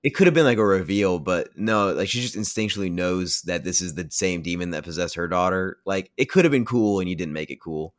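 This man talks brisk and low, barely pausing, as he loosely retells a movie's plot for a podcast, packing in "like" and offhand, blunt takes. The studio sound is clean with no echo.

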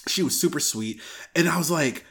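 Animated laughing man, lively pitch. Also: moderate pace, vocal fry. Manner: animated, laughs often, swears, acts out quoted voices. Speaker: podcast host. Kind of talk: casual chat. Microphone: headphones on, podcast mic.

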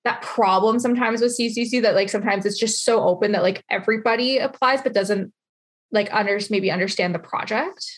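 Husky-voiced chatty woman host. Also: mid-range voice, a little fast. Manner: bubbly, rambling talk. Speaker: interviewer, podcast host. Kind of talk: casual interview chat.

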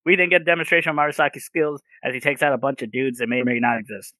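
An easygoing man co-hosts a casual podcast and recaps the story plainly. His voice is bright and forceful, and it is recorded close and dry with no room sound. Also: medium pitch, very fast, no room sound. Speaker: podcast co-host. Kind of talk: casual chat.

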